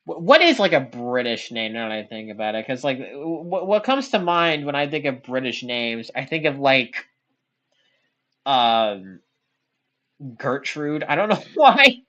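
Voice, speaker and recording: A woman's voice: very deep voice, animated, a little slow, fairly bright tone, highs cut off. A woman live-streaming, chatting casually with her chat in a rambling, giggly, self-deprecating way.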